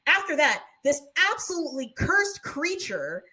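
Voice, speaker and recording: Young female podcast co-host with a slightly high voice; lively, laughing storyteller. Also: brisk. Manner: animated storytelling, laughs often, acts out screams. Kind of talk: casual chat.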